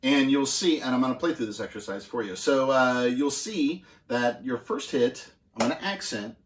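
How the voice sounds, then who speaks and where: Male drum instructor, mid-pitched, easygoing and full of fillers; roomy echo. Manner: relaxed, halting with many fillers. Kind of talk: casual instructional demonstration. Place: music school practice room.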